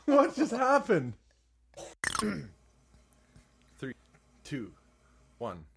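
Man, podcast host, high lively voice, slow talker, keeps laughing and restarting, faint hiss. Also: creaky. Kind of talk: casual chat, fumbling intro takes.

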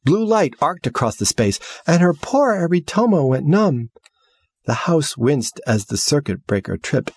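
A man narrating a story as an audiobook reader, with measured, expressive delivery. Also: mid-range voice, slightly rough, no echo, clean studio sound. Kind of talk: scripted narration.

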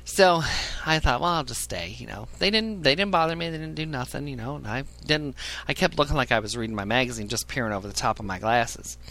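A man spins a crude, funny story with a bright, forceful voice. He talks in an animated, profane way and keeps laughing at his own jokes as he goes. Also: mid-range voice, fast talker, few pauses. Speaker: podcast storyteller.

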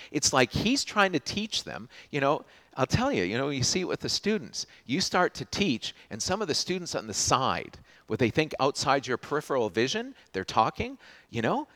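Male pastor, sermon; animated storyteller, bouncing melody, stops and restarts mid-phrase. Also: medium pitch. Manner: animated storytelling, frequent restarts, swings from loud to hushed.

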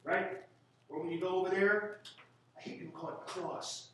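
A man's voice: sits high, moderate pace, a little hiss or hum. A man from Canada giving a classroom statistics lecture, rambling and joking with sarcastic asides. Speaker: statistics teacher. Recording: echoey room from a distant mic.

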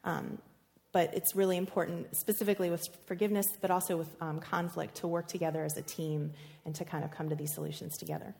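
A woman with a slightly low voice teaching a class on relationships. She talks in a casual, chatty way, full of little fillers and restarts. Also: little pitch movement, fast talker, creaky, mellow, a little hiss or hum. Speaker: workshop presenter.

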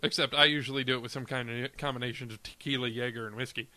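A young man co-hosting a casual chat show, quick with sarcastic one-liners. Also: mid-range voice, steady tone, sharp tone, no echo. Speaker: podcast co-host. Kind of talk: casual banter.

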